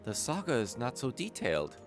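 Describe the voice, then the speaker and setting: A man reading the lines of an earnest young woman warrior in his own lowish voice, with little attempt at a feminine range. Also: huge pitch swings, brisk, music in the background.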